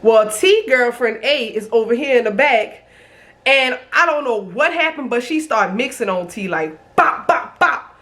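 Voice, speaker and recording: A young woman in her twenties with a somewhat high voice tells a storytime vlog. She speaks in a lively, profane way, as if talking straight to her viewers. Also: normal speed. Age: 20s. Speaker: vlogger.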